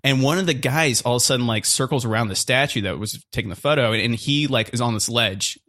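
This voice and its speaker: A man's voice: medium pitch, quick pace, fairly bright tone. A young man telling a true story on a comedy podcast, in a rambling way, full of "like" and "uh" and laughing as he goes. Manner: rambling, lots of "like" and "uh" fillers, laughs while telling.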